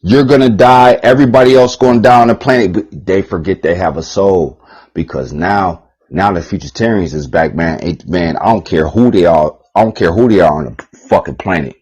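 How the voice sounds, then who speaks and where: A man's voice: sits low, a little fast, a little mellow, slightly rough, rough recording. A man giving a rambling, heated, profane monologue on his channel, repeating himself and swearing often. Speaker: channel host.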